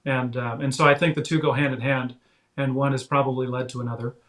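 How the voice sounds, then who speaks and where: A man speaking as an interview guest in casual chat, halting, with frequent fillers and restarts. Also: medium pitch, flat delivery, a bit bright. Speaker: guest author.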